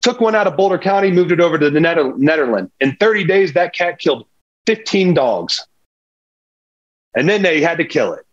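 A former pro football player, appearing as a podcast guest, animatedly tells a hunting story and acts out the dialogue with lively quotes in a casual storytelling interview. His voice is fairly high and fairly quick, and the recording sounds lo-fi.

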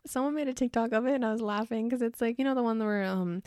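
A woman's voice: fairly high pitch, quick pace, darkish tone, no echo, clean studio sound. A young adult woman co-hosting a casual podcast chat, animatedly retelling scenes, acting out characters' lines, swearing and laughing often. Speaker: podcast co-host.

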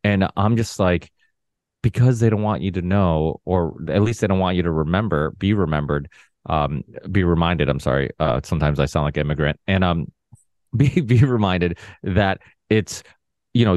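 A man's voice: deep voice, lively intonation, normal speed, darkish tone, no echo. A man guesting on a podcast, chatting casually in a loose, self-correcting way. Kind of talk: casual conversation.

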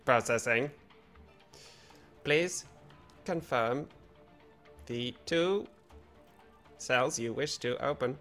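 A man's voice: mid-range voice, extremely slow, long pauses, fairly bright tone. A man voicing a prim robotic lab machine that makes clipped, formal announcements over faint music.

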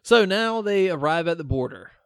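A man's voice: on the high side, expressive, normal speed, smooth, no room sound, clean studio sound. A man co-hosting a casual movie podcast, recapping scenes and acting out lines with laughter. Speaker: podcast co-host.

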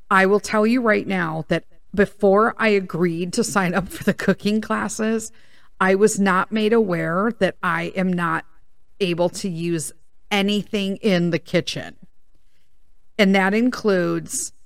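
Gravelly, swearing woman podcaster ranting. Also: fairly low pitch, no echo, studio quality. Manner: rambling, swears freely, animated retelling. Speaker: podcast host. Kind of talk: casual storytelling monologue.

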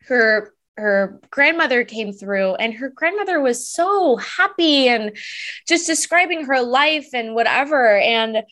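A woman's voice: fairly high pitch, lively intonation, unhurried, a bit bright. A woman from Southern California, a psychic medium guest, talking about her readings in an effusive, enthusiastic way. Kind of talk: casual interview.

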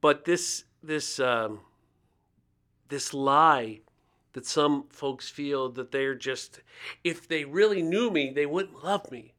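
A man's voice: fairly high pitch, slow pace, sharp tone. A man in his fifties from Ohio, a guest telling stories in a conversational interview and acting out the voices of the people he quotes. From Ohio, United States. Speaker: guest speaker on faith and poverty.

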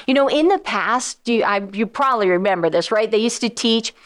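A woman financial advisor and radio host explaining investments in a casual, animated way, often acting out quoted voices of investors and funds. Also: a little high, fairly quick, clean tone. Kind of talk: casual explanatory talk to listeners.

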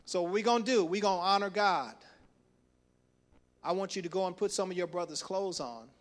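A man's voice: high-pitched, fairly quick. A male pastor preaching a sermon, retelling a story with acted-out voices and frequent chuckles.

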